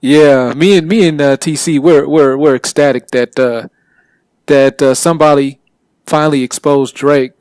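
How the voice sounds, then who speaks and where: A man co-hosting a casual talk show, halting with many fillers. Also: fairly high pitch, steady tone, a little mellow, clean tone, no room sound. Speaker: co-host. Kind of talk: casual podcast chat.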